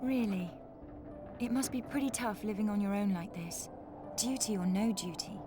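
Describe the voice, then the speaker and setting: A woman's voice: medium pitch, normal speed, over music, natural voice. An actress playing a young woman adventurer who asks questions with concern, in a game's voice acting. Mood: curious. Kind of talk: game voice acting.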